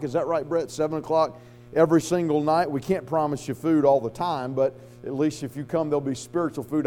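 A pastor preaching an emphatic sermon that relies on repetition and call-and-response. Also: male voice, a little high, darkish tone.

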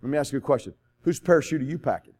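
A man preaching a sermon, telling stories and swinging from loud to hushed. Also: mid-range voice, expressive, racing.

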